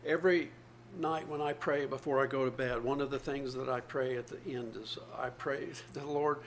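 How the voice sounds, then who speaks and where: A man's voice: medium pitch, steady tone, moderate pace, slight background noise. A man, probably older, preaching a sermon, reading scripture aloud and explaining it earnestly with repeated phrases.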